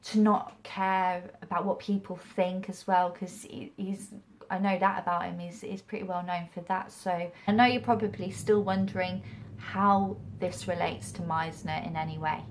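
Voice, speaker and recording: A woman's voice: lowish voice, fairly even intonation, moderate pace, slight background noise. A young English woman with a mixed regional accent, chatting casually to camera about acting, rambling with restarts. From England. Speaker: acting vlogger.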